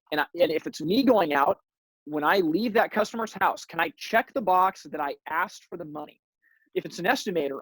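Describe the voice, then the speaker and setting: Hosting a sales training webinar, this high-voiced man coaches his listeners with plenty of energy and tends to repeat words at the start of sentences. The recording is dry and rough.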